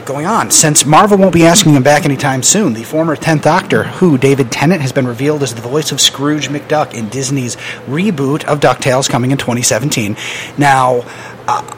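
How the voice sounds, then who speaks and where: A man's voice: medium pitch, fairly bright tone, a little hiss or hum. A man hosting a casual podcast, running through entertainment news in a loose, joking way with lots of fillers. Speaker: podcast host.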